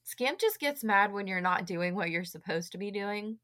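Bright-voiced chatty woman podcaster. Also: medium pitch, expressive, normal speed. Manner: chatty, playfully voices her dogs. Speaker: podcast host. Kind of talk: casual chat. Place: home, remote recording.

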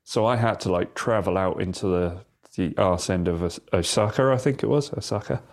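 A man co-hosting a podcast, chatting casually and telling anecdotes with relaxed slang. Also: sits low, moderate pace. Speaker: podcast co-host. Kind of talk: casual chat.

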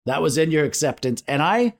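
A man's voice: on the high side, expressive, fairly quick. A man hosting a podcast, joking and laughing often as he introduces and interviews a guest. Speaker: podcast host. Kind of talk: casual interview chat.

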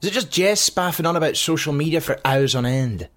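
A crude, sarcastic football executive, played by a man, his pitch swinging freely as he fires off swear words and dry put-downs. A lively comedy audio drama voice. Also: brisk. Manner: blunt, sarcastic and constantly swearing.

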